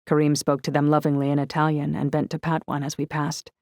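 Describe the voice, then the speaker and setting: A woman narrating an audiobook in the first person, steady and descriptive. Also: low voice, quick pace, no echo, studio quality.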